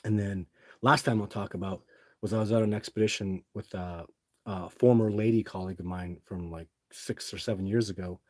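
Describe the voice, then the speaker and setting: Man, middle-aged, livestream host, rambling, husky, lowish voice. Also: fairly even intonation, brisk, darkish tone, no echo. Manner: rambling, with many restarts and fillers. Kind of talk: casual storytelling to a live chat.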